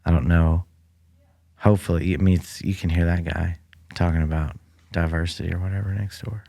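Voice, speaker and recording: A man's voice: low-pitched, level tone, moderate pace, creaky, warm tone. A man hosting his own podcast alone in a library room, rambling dryly with lots of fillers into a mic that picks up the room. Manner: rambling, dry, many fillers. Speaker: podcast host. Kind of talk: casual comedic monologue. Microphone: studio mic that picks up the room.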